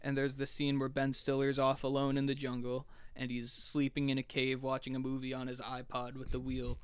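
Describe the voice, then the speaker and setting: Podcast co-host, male, smooth dry voice, lively storyteller. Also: medium pitch, a little fast, dry recording. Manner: animated storytelling, acts out movie lines. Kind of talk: casual chat.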